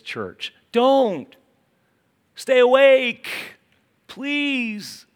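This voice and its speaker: A man with a West Virginia accent preaching a sermon, dropping to quiet asides and then rising to urgent, emphatic calls. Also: mid-range voice. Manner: dramatic swings from hushed asides to urgent exclamations. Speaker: pastor.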